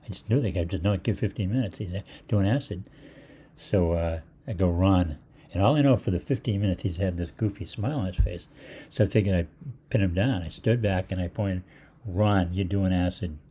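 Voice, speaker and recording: A man's voice: sits low, a little fast, mellow, husky. An older man hosting a live Q&A who tells rambling, anecdotal stories and acts out the people in them. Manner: meandering, full of fillers and restarts, acts out voices. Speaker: holistic practitioner hosting a live Q&A.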